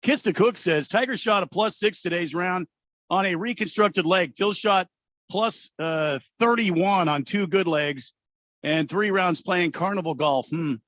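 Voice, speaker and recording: A man's voice: high voice, a little slow, a bit bright. A man hosting sports talk radio, joking around and reading listener messages in a teasing, mocking way. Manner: mocking, mimics players in sarcastic voices.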